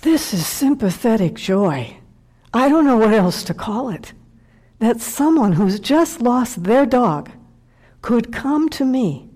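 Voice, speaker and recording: A woman's voice: a little high, lively intonation, slow, dark tone. A middle-aged woman, a meditation teacher, telling a heartfelt personal story in a dharma talk and sometimes dropping to a whisper.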